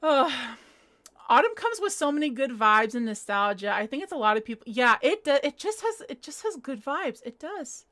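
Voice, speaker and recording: A woman's voice: high-pitched, big pitch swings, normal speed, fairly bright tone. A young woman from Northern California hosting a live crochet stream, chatting casually and reading viewer comments aloud with a giggly, rambling manner. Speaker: livestream host. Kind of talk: casual chat while crocheting. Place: home.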